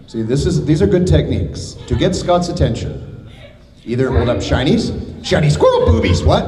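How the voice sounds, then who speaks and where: A man's voice: on the high side, expressive, moderate pace. A man from Canada joking and rambling on a convention panel, impish and prone to sudden silly voices. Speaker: voice actor convention guest. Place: large convention hall with an audience. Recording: echoey hall with crowd noise.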